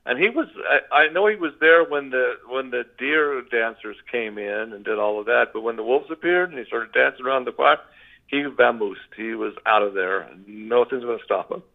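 Older man with a gravelly voice on a tinny phone line. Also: mid-range voice, normal speed. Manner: rambling, with frequent restarts. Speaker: guest. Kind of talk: storytelling.

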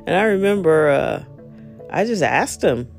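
Relaxed monologue voice, chatty and digressive, livens up on anecdotes; soft guitar bed. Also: medium pitch, a little slow. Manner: rambling, many fillers and asides; animated when retelling exchanges. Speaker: monologue speaker. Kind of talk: casual storytelling and advice.

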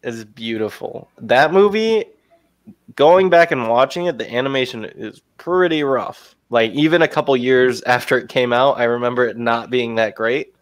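A young man co-hosting a casual podcast, chatting and retelling film scenes with quick impressions. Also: mid-range voice, no echo. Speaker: podcast co-host. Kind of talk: casual chat.

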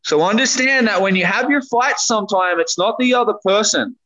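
A man's voice: high voice, fairly quick, bright, forceful tone, rough recording. A man talking earnestly and emphatically in a candid faith podcast conversation, peppering his talk with casual slang. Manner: earnest, emphatic, says dude and man often.

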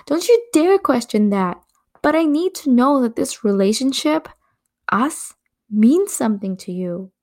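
A woman's voice: sits high, expressive, unhurried, a little mellow, voice pushed up. A woman reading a young woman pleading, upset. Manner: pleading, crying out. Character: insecure young woman pleading with her partner.

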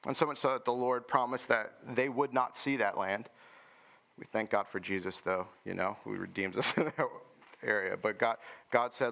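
A man's voice: fairly low pitch, fairly even intonation, moderate pace, vocal fry, a bit bright. A man preaching a sermon in an informal, conversational way, often asking listeners rhetorical questions.

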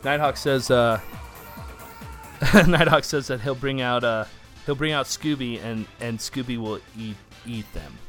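Brief: male podcast host, mid-pitched, animated, restless delivery with restarts. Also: measured pace, faint music behind. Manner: animated, frequent restarts and laughter. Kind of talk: casual chat.

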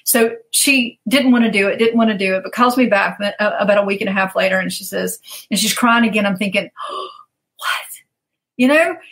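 A woman's voice: mid-range voice, fairly even intonation, fairly quick, few pauses, a bit bright, low-quality recording. A woman coach telling stories in a casual interview, animatedly acting out the people she quotes and laughing often.

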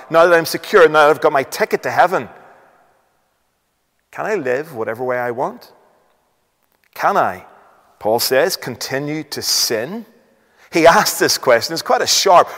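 A man's voice: fairly high pitch, lively intonation, moderate pace, fairly bright tone, long reverb tail. A man preaching a sermon, asking rhetorical questions, reading scripture aloud and stressing points emphatically.

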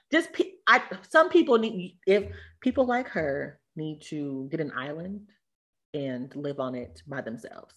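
A woman in casual chat, blunt and animated, talking in quick bursts. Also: sits low.

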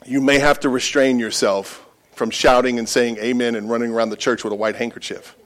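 A middle-aged male pastor preaching a sermon in a church, with call-and-response lines that build to loud, emphatic peaks. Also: medium pitch, steady tone, brisk.

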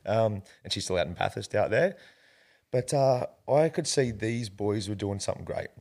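A man's voice: lowish voice, animated, normal speed, a little mellow. An Australian man being interviewed, telling a long personal story in a rambling, earnest way and calling the host mate. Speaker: interview guest.

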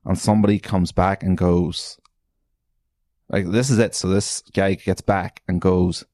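A man's voice: deep voice, flat delivery, unhurried, a little mellow, dry recording. An Irish man hosting a podcast, rambling through a story with lots of swearing and self-mockery. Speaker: podcast host. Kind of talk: casual monologue. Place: bedroom.

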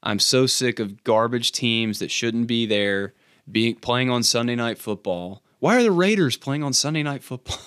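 An animated man at a moderate pace, with a mid-range, slightly bright, smooth voice and no echo. He's co-hosting a sports podcast: a scripted, punny recap comes first, then relaxed chatter with fillers and restarts.

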